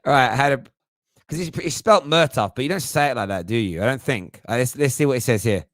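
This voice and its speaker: A man's voice: mid-range voice, expressive, a little fast, no echo, studio quality. A man hosting a fan phone-in show, chatting casually, thinking aloud and poking fun at himself. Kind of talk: casual live-stream chat.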